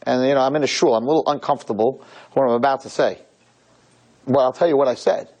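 A man's voice: mid-range voice, quick pace. A man, a rabbi, telling a story during a sermon in a synagogue, acting out the voices of the people in it. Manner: animated, acts out quoted voices.

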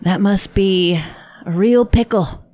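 Woman, comic interviewer, wry and slow-paced. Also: medium pitch, mellow. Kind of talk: improvised comedy interview.

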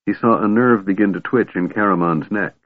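A man reading a fantasy novel aloud in a measured, steady narration. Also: lowish voice, no echo. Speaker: audiobook narrator. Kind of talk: scripted narration. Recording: tinny phone-like band, dry.

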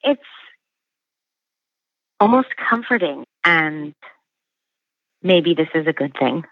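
A woman's voice: sits low, animated, slow pace, no room sound, highs cut off. A pregnant woman being interviewed over a call while in labor, talking casually between contractions. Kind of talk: casual chat.

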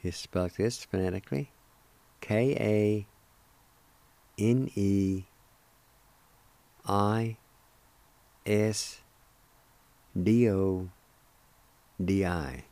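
Language teacher, male: low, mellow voice, very slow and careful, dry close recording, spells syllables one at a time. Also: clean tone, no room sound.

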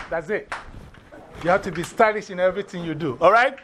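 A man with an African accent teaching a class, animated and often putting questions to the students. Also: sits high, fairly quick, noisy background.

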